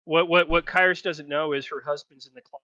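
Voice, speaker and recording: A woman running a tabletop game as game master on a live stream, playful and quick to laugh. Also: sits low, steady tone, sharp tone, no room sound, dull audio. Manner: laughs often, playful narration.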